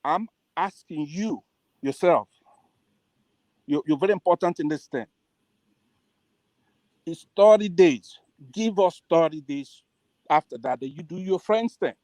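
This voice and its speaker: A man's voice: fairly high pitch, expressive, a little slow, pauses often, mellow, no echo. A man calling in to a show, insistent and demanding as he makes an angry complaint. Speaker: caller. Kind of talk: heated call-in complaint.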